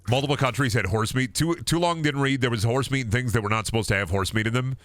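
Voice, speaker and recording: A young man casually commentating a game stream, swearing freely and jumping into high, excited yelps when something surprises him. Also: brisk, hardly any pauses.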